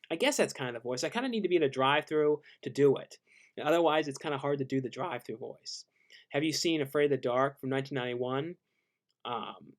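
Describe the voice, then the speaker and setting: A man casually hosting a live-stream Q&A, laid-back and halting as he reads out viewer questions and answers them. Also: mid-range voice.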